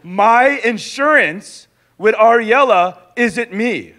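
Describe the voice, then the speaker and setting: High-voiced man teaching a sermon. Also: slow pace. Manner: lively, acts out little dialogues. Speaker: pastor teaching a discipleship school.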